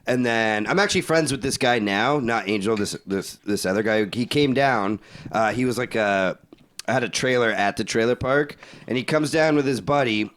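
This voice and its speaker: A man's voice: mid-range voice, normal speed, a bit bright. A young man, co-hosting a podcast and telling a long story in casual chat, rambling, swearing a lot and laughing. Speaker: podcast co-host.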